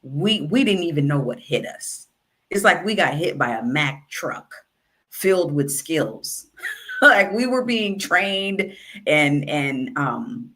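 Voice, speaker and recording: Woman, author coach, bright clear voice, animated storytelling. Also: sits low. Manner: animated, acts out quoted dialogue. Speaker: writing consultant and author coach. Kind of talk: casual storytelling monologue.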